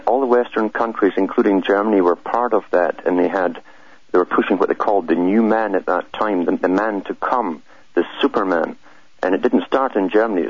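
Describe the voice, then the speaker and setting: A man's voice: low voice, slightly rough, no echo, dull audio. A man being interviewed as a guest on a radio talk show, explaining steadily with frequent hesitations and repeated words.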